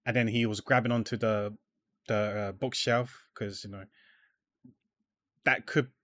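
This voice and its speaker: A man's voice: lowish voice, steady tone, measured pace, dry recording, clean studio sound. Rambling male gamer thinking aloud. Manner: rambling, many fillers and restarts, trails off quietly. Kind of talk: casual gameplay commentary.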